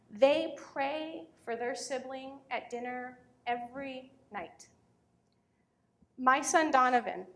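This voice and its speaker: A woman's voice: a little high, fairly bright tone. A woman in her thirties giving an earnest talk on parenting, telling personal stories and turning emotional. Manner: earnest, storytelling, turns emotional. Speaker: speaker on parenting.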